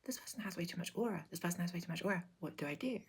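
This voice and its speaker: A woman voicing a flustered, timid male monk in a whispered role-play, with startled squeaky outbursts. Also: animated, very fast, breathy edge. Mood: panicked.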